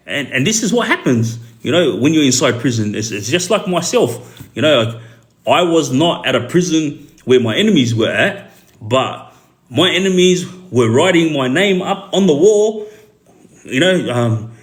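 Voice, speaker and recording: A man with an Australian accent, a former prisoner telling his story casually on a livestream, halting often with fillers and repeated words. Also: on the high side, expressive.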